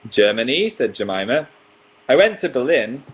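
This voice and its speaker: A man's voice: medium pitch, big pitch swings, moderate pace, husky, rough recording. A man in his twenties hosting a casual live stream, reading out viewer questions and answering them one by one with playful asides. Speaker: livestream host.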